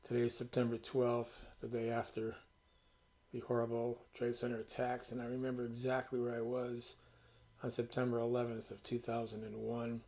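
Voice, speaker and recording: Mellow, flat-voiced man rambling to camera. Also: mid-range voice, moderate pace. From Connecticut. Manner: rambling, conversational storyteller with restarts. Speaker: channel host. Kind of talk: casual talk to camera.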